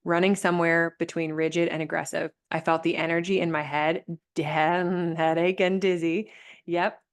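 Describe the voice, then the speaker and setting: A woman coaching a group over a video call, reflective and gentle, often restarting her sentences. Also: fairly low pitch, flat delivery, normal speed. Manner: gentle, reflective, thinks aloud with many restarts. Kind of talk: live online coaching session.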